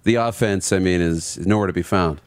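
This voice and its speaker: A man's voice: sits low, clear, resonant tone, no echo. Agreeable male sports co-host, dry studio. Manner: agreeable, quick to back up the host with firm short takes. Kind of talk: casual sports talk.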